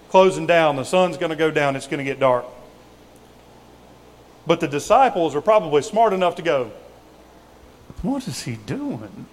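A man preaching a sermon in a conversational, folksy way, with casual asides to the congregation. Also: sits high. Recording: reverberant hall.

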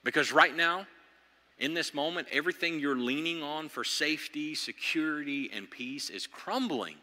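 Bright-voiced man preaching in a hall. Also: moderate pace. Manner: animated preaching, swings from loud and high to low and quiet. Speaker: pastor. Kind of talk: sermon. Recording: long hall reverb.

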